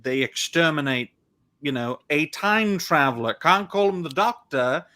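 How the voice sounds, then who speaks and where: Bright-voiced opinionated male host. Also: fairly high pitch, animated. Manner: opinionated, ranting, quick bursts. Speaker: host of a fan live stream. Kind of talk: casual live-stream commentary.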